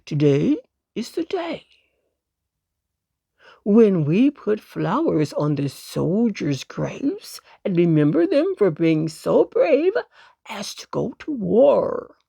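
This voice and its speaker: A woman voicing a kind, polite old male circus dog who marches as a soldier, calling out heartily in a slow, gravelly storybook voice. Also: medium pitch, very animated, warm tone, no room sound, clean studio sound, full character voice. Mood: friendly.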